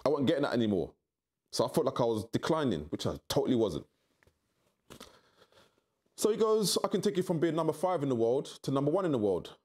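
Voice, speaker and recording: Animated man telling his story. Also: fairly quick, pauses often. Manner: animated, acts out quoted voices with big pitch jumps. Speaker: interview guest. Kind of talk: candid storytelling.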